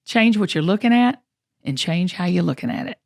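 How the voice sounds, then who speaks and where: A woman's voice: fairly low pitch, lively intonation, brisk, vocal fry. A woman hosting a podcast, talking in an earnest, encouraging way and repeating words as she gets going. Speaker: podcast host. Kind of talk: casual podcast chat.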